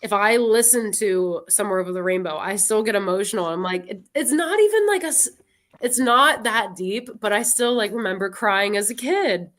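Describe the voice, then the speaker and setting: Female co-host, mid-range voice, warm-hearted chatter. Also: mid-range voice. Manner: earnest and chatty, quick to laugh. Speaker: guest co-host. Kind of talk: casual chat.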